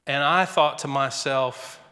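A man's voice: mid-range voice, slow pace, bright, forceful tone, long reverb tail, a little hiss or hum. A male pastor preaching a sermon, telling stories between points with a conversational, shifting pace.

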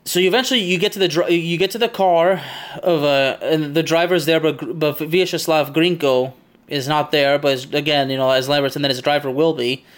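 A podcast host with a somewhat raised pitch talks through a game level from memory. He wanders off on tangents and doubles back often. His delivery is casual and chatty, and he laughs easily. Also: fairly quick.

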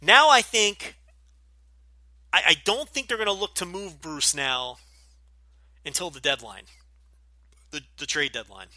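Middle-aged podcast host from New Jersey, light Jersey accent, bright and sharp tone, blunt and profane, dry close mic. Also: male voice, high voice, lively intonation, unhurried, long pauses, no room sound. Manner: blunt, profane, rambling with many fillers. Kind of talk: casual Q&A podcast.

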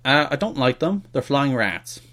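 Teasing Irish man, lively voice. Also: medium pitch, moderate pace. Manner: teasing, playful banter. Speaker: podcast co-host. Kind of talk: joking casual chat.

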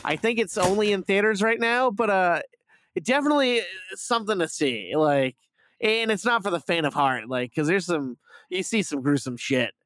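A man's voice: high-pitched, expressive, moderate pace, a bit bright, no room sound. A man casually retelling a movie plot on a review podcast, rambling with lots of fillers and swearing. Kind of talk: casual chat.

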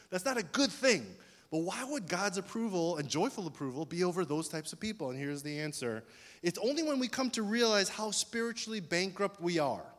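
A pastor preaching to his congregation in a relaxed, conversational way. He keeps pausing to ask whether everyone follows. His voice carries a long reverb from a large hall. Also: a little high. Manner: conversational, asks the congregation questions. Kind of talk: sermon.

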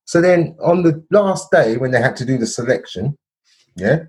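Animated man telling a story. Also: mid-range voice, normal speed. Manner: animated storytelling, checks in with "yeah?" and "bro". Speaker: podcast co-host. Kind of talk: casual chat.

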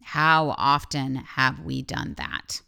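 A woman's voice: a bass voice, slow pace, vocal fry, pushed and bright, clear, resonant tone. A woman host talking frankly and with feeling in a solo podcast monologue, swearing freely.

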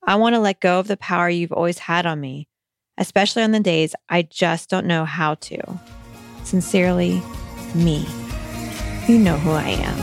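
A woman's voice: on the low side, normal speed, music in the background. A woman hosting a podcast, reading a listener's letter aloud and then giving reassuring, conversational advice with some hesitant restarts.

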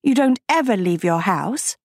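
A woman voicing a bright, eager teenage girl who is earnest and proud, in a storybook reading. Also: medium pitch, lively intonation, a little slow, no room sound, studio quality.

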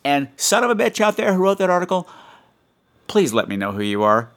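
A man's voice: sits high, sing-song, brisk, a bit bright. Campy, teasing male podcast host. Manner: campy, teasing, mock-scolding, theatrical asides. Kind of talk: casual solo podcast talk.

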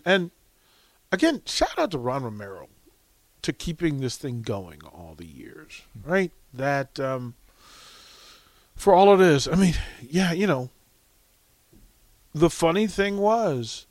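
A man's voice: fairly high pitch, no echo. A middle-aged man talks on a radio show in a slightly raised voice, through a dry studio microphone with no room sound. He rambles through stories and laughs often. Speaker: radio host. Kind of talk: casual on-air chat.

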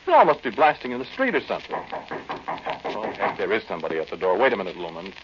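A man's voice: fairly low pitch, wildly swooping pitch, quick pace. A man playing a stammering flustered fellow. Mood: grumbling. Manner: stammering, nervous, fussy. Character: flustered timid man, easily scared. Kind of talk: old-time radio drama acting. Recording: dull lo-fi old radio recording with faint hiss.

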